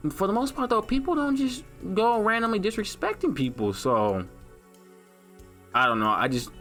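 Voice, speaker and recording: A man's voice: mid-range voice, sharp tone. A young man hosting a let's play, rambling in a loose, slangy way with lots of filler as he talks over gameplay. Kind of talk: casual gaming commentary.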